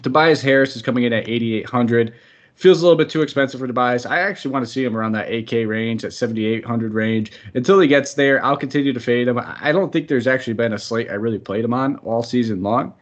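Upbeat American podcast host, lo-fi mic. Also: male voice, medium pitch, quick pace. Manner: upbeat, friendly, rambling. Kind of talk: sports betting podcast talk.

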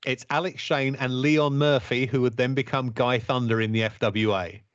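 A man's voice: medium pitch, steady tone, no echo. Wry man on a dry, dull podcast mic. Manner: wry, critical and measured. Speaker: podcast co-host. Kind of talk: casual review chat.

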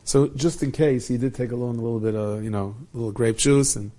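Guy spinning an old hasidic story, warm low-key tone, lots of yiddish words mixed in. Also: fast. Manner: lively retelling with many Yiddish and Hebrew terms. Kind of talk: telling a Hasidic tale.

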